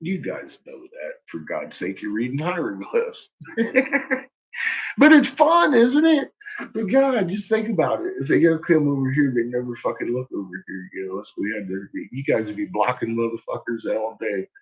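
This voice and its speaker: A man's voice: medium pitch, big pitch swings, normal speed, slightly rough, muffled recording. A man chatting casually to his viewers on a stream, laughing constantly between lines and swearing heavily. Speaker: livestream host. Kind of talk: rambling casual chat to viewers.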